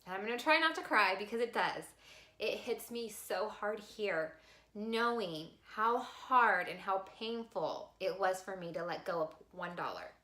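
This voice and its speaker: A woman vlogger telling a personal story to camera in a heartfelt, expressive way. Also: medium pitch, measured pace, roomy sound. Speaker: vlogger sharing a life lesson.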